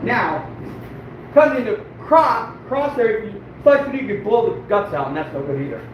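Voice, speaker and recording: High, lively man swearing in an echoey room. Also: normal speed. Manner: swears often, talks to viewers as he works; frustrated and self-deprecating. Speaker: fur trapper. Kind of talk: casual live-stream demonstration. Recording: echoey room, mic far off, background noise.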